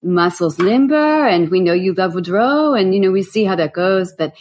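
Woman imitating a gentle French woman agent, French accent, lively high lilt, encouraging. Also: moderate pace, close to an everyday voice.

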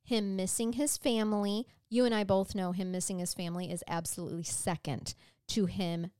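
A woman narrating a true crime case for a podcast, loose and conversational with dry, sarcastic asides. Her voice sits at an ordinary middle pitch. The sound is close and dry, with no room around it. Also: steady tone, normal speed, a little mellow, clear, resonant tone, no echo. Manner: chatty storyteller, sarcastic asides. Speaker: podcast co-host.

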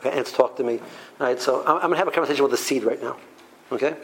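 A man teaching a Torah class in an animated way, full of rhetorical questions and restarts. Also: medium pitch, fast talker, rough recording.

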